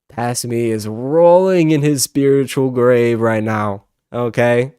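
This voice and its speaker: In clean studio sound with no room echo, a man in his twenties hosts a reaction video, ranting in a heated, profane, exasperated way. His medium-pitched voice is dark, clear, and resonant, moving slowly with few pauses.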